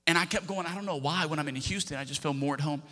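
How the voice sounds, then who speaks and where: A man preaching, telling a personal story in an animated, self-interrupting way and joking with the congregation. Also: on the high side, very fast. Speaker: pastor. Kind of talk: sermon storytelling. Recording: reverberant hall.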